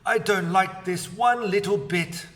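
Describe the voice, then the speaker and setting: A man's voice: sits high, unhurried, a bit bright, pitched above the performer's own voice. A man as a flustered old man, raised voice, storybook, far mic. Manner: gasping, flustered.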